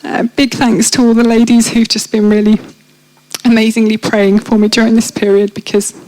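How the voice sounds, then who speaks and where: A woman's voice: fairly high pitch, level tone, moderate pace, a little mellow, slight background noise, rough recording. A woman, speaking frankly and chattily, with many fillers, as she gives a faith testimony in an interview. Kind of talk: casual conversational testimony. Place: church event.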